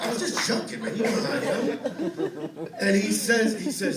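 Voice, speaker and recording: High-voiced profane stand-up comedian. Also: male voice, very animated, normal speed, distant mic. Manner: profane, conversational storytelling with rhetorical asides. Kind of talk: stand-up set. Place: comedy club stage with a laughing audience. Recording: roomy club sound from afar with crowd laughter.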